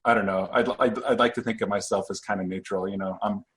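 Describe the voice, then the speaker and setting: Low-voiced rambling man from Iowa. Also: fairly even intonation, fast, a bit bright. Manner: rambling, hedging, laughs easily. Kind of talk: casual podcast chat.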